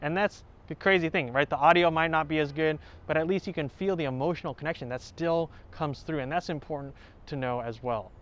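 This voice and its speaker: A man with a somewhat high, smooth and clear voice hosts a music lesson. He walks through tips one by one in an explanatory way, sometimes singing a short phrase to show a point. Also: a little fast, fairly bright tone. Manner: clear, explanatory, with sung examples. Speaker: violin teacher and channel host. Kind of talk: instructional talk to camera. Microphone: home recording setup.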